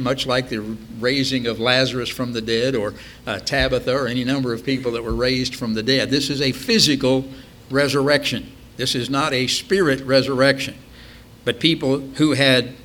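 A man's voice: medium pitch, fairly bright tone, a little hiss or hum. Older man leading a Bible study. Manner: reads scripture aloud, then explains it in a measured, rambling way with many fillers. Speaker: preacher.

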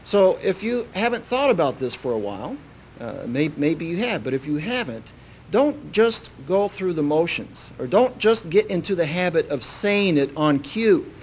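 A man delivers a sermon in a folksy, storytelling manner, often pausing on "uh." His voice sits somewhat high for a man. A faint low rumble runs under the recording. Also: big pitch swings, a little mellow. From Kentucky, USA. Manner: folksy and anecdotal, with frequent "uh" fillers. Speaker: preacher.

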